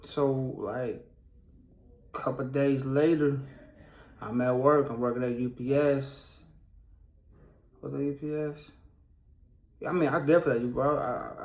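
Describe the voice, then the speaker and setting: A man's voice: medium pitch, a little mellow, reverberant, rough recording. A man telling a painful personal story in casual speech, rambling with many fillers and restarts, his tone somber and pained. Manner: somber, pained retelling of a loss.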